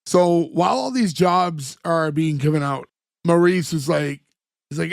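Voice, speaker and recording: A man's voice: a little high, measured pace, gravelly, dry recording, studio quality. A man co-hosting a podcast in casual chat, retelling scenes at length with lots of "like" fillers. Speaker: podcast co-host recapping a sitcom episode.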